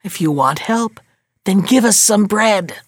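A woman voicing a crowd of small squeaking mice that speak in rhyme in a fairy tale. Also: lively intonation, a little slow, no echo, studio quality. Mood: sing-song. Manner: squeaky, sing-song.

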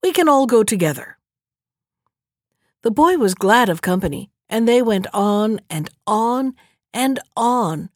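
A woman narrating a fairy tale audiobook in a steady, measured storytelling manner. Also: a little high, no echo, clean studio sound.

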